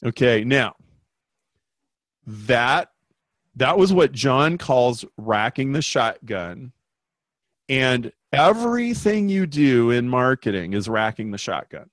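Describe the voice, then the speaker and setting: A man, a business consultant guest, telling a story in an interview with emphatic, animated delivery. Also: medium pitch, slow, dry recording. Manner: animated, emphatic, acts out quoted voices.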